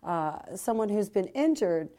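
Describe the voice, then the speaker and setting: A woman's voice: mid-range voice, lively intonation, measured pace, dark tone. A woman interviewing guests, asking hesitant questions full of fillers.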